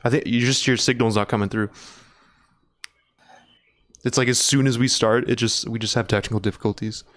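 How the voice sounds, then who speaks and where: A man's voice: medium pitch, fairly even intonation, brisk, fairly bright tone. A man hosting a casual podcast interview, easygoing and laughing along with his guest. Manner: easygoing, laughs along, asks short questions. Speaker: podcast host.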